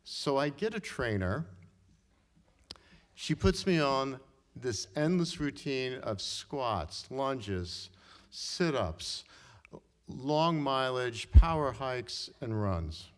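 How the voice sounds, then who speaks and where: A middle-aged man telling a personal story live on stage, talking conversationally and often tagging his sentences with "right?" and clearing his throat. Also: mid-range voice, animated, extremely slow. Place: stage in a hall before an audience. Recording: long reverb of a hall.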